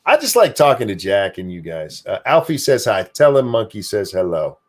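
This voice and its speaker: On a laid-back streamed talk show, an older host talks at a moderate pace in a lowish voice. He's full of swearing and energy, and he readily makes fun of himself.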